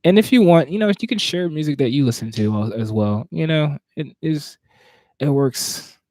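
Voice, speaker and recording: A man's voice: a little high, animated, moderate pace, warm tone, dry recording. A man from Virginia with a Southern accent, a spoken word poet chatting casually and reflectively between poems on a livestream, often restarting his sentences. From Virginia, USA. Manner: reflective, searching, speaks in broken restarts. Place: home, at night.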